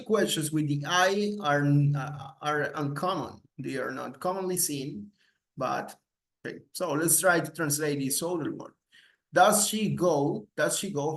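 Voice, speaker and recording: A man's voice: a little high, fairly bright tone. A man teaching English grammar to Spanish speakers, repeating example questions with rising intonation and switching between English and Spanish. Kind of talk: slow recorded grammar lesson.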